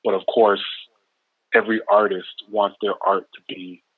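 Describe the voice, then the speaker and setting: A Canadian man with a low voice and a relaxed Canadian accent talks loosely as a guest, with lots of fillers. He comes through a tinny, dry phone line. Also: moderate pace, creaky, no echo. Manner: easygoing, rambling with many fillers. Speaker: rapper guest. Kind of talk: casual interview over the phone.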